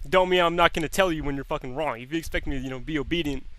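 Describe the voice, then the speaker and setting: A man's voice: on the high side, racing, a bit bright, no room sound. A young man streaming, chatting casually and swearing freely, repeating words as he thinks aloud. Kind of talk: casual chat.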